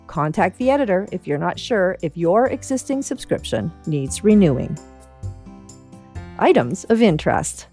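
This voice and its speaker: A woman's voice: lowish voice, mellow. Wry Canadian woman reading the news. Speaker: newsletter reader. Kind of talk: scripted news read.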